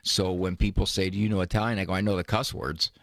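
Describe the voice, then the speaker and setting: A man's voice: deep voice, flat delivery, fast talker, no room sound, clean studio sound. A man hosting a radio call-in advice show, joking and teasing his caller. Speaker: radio host, advice doctor.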